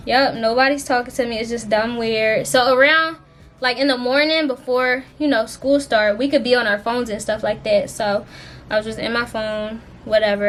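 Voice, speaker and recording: A young woman with a fairly high voice tells a personal story to her channel in a loose, slangy way. She swears freely and talks expressively, and a faint hum of noise sits under her voice. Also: a bit bright. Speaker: vlogger. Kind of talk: casual storytime.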